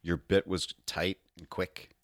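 A man's voice: sits low, level tone, slow, a bit bright, dry recording. A man co-hosting a podcast, chatting casually with dry, teasing asides. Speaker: podcast co-host. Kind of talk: casual chat.

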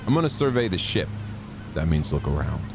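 A man's voice: low-pitched, sing-song, a little fast, creaky, over music, pitched below the performer's own voice, exaggerated voice. A man voicing a goofy, overeager male sidekick with dopey, bouncy delivery.

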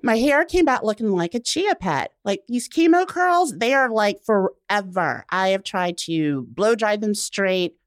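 A woman being interviewed, telling her story in an animated, laughing way and acting out what people said to her. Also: medium pitch, a little slow, hardly any pauses, dry recording, clean studio sound. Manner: animated, laughs often, acts out quotes. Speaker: guest. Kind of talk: casual interview chat.

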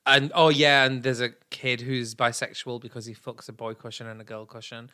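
A man's voice: medium pitch, flat delivery, fairly quick, pushed and bright, dry recording, clean studio sound. A man co-hosting a podcast, teasing and theatrical in casual banter with his husband. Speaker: podcast co-host.

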